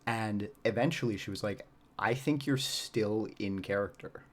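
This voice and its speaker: Rambling low-voiced male stage actor. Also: moderate pace. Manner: rambling and reflective, many fillers and laughs. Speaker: podcast guest, stage actor. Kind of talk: casual podcast chat.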